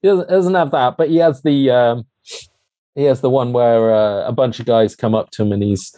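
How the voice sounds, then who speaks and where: A man's voice: mid-range voice, moderate pace, mellow. A man co-hosting a casual chat about films and shows, chatty and laughing often. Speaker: podcast co-host.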